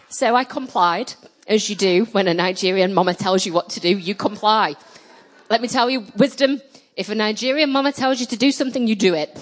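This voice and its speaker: A woman in her thirties preaching a sermon, telling personal stories with animated, emphatic delivery. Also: moderate pace. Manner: animated storytelling, rising loud and emphatic at high points.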